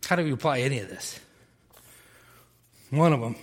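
A man preaching a sermon as a pastor, telling stories in an animated way and acting out the voices of the people in them. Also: mid-range voice, moderate pace, big-room sound. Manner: animated storytelling, acts out voices.

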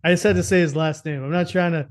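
Brief: young guy, slightly high voice, swears a lot, loose joking storyteller. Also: fairly even intonation, quick pace. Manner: profane, laughing, storytelling. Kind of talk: casual chat.

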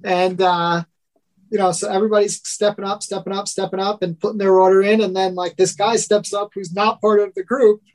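New York-accented podcast guest, halting. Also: male voice, sits high, level tone, a little mellow. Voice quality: halting, lots of restarts, laughs often. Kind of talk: casual interview chat.

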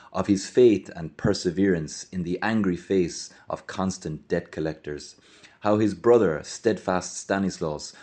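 A man narrating a literary tale in a measured, dramatic, solemn reading. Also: low-pitched, darkish tone. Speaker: reader.

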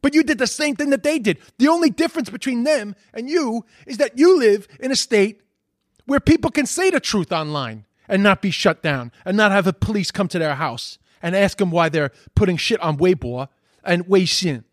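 Sweary ranting man, indignant, fairly high voice, dry close sound. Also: lively intonation, moderate pace, dry recording. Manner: indignant, sweary, repeats himself when heated. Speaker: commentator reacting to posts. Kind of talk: profane rant reacting to social media posts.

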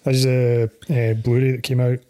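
A Scottish man in his forties, hosting a casual film podcast in a relaxed, chatty way with plenty of fillers. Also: mid-range voice, moderate pace. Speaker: podcast host. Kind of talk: casual film commentary chat.

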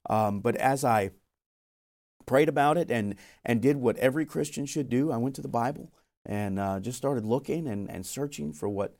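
This young man's voice is medium in pitch with a darkish tone, and he moves at a moderate pace. As a missionary guest giving testimony in an interview, he tells of his call to missions in an earnest, storytelling style and performs the quoted lines.

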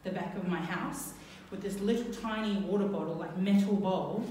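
A woman telling a funny true story on stage, lively and laughing, with many fillers and restarts. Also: medium pitch, moderate pace, slight background noise. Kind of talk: live storytelling to an audience. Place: live venue stage. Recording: echoey venue, mic from far off.

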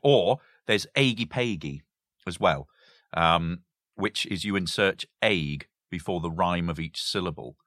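A man's voice: deep voice, expressive, measured pace, fairly bright tone, no room sound, clean studio sound. A man explaining language games in a casual chat, stopping to give examples and laughing often.

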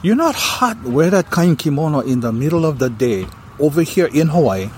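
A man's voice: on the high side, sing-song, normal speed, slight background noise. A man voicing a nosy local woman who teases her friend with pointed questions. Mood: teasing.

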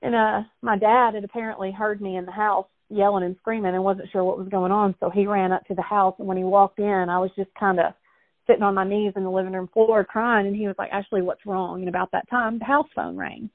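Interview guest: young woman, earnest, halting retelling; thin phone-line audio. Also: medium pitch, little pitch movement, dry recording. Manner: earnest, halting, many restarts and fillers. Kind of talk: emotional personal storytelling.

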